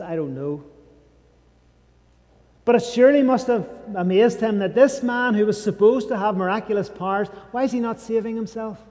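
In the long reverb of a large church hall, a male preacher delivers an emphatic sermon. His voice is mellow and fairly high, falling to a hushed, low tone whenever he reaches a key phrase.

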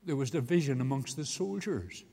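A man's voice: mid-range voice, expressive, moderate pace, gravelly, mellow. A man preaching an evangelistic sermon in a meeting house, earnest and building to emphatic peaks. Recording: long hall reverb.

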